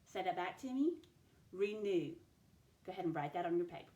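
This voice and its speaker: A woman teacher giving a recorded spelling dictation lesson, slowly sounding out each letter and sound. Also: lowish voice, lively intonation, dark tone, highs cut off. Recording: echoey room.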